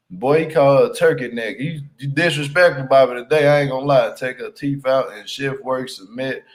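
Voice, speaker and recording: A man's voice: medium pitch, brisk, few pauses, rough recording. A man giving casual, slangy recap commentary on a reality show, teasing and laughing as he talks. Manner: repeats "you hear me" for emphasis.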